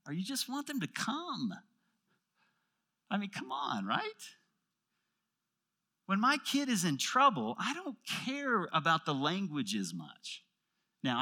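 A middle-aged male pastor delivering a sermon, his voice bright and ringing and slightly high for a man. His pitch swings widely as he acts out prayers aloud, then drops to quiet intensity to drive a point home. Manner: animated preaching, acting out prayers, dropping to quiet intensity.

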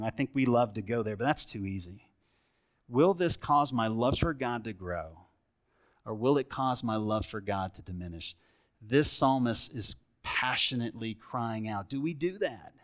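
A middle-aged pastor preaching a sermon in a church, conversational, asking his congregation questions and moving between lively emphasis and quiet reflection. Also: medium pitch.

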